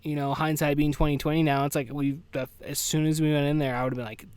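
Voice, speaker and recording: Alone at home, with farm animals close by, a man records a casual podcast monologue, quick-paced but heavy with grief. His voice is fairly high, darkish, clear and resonant, with little pitch movement, and he rambles profanely, saying "dude" and "like" constantly.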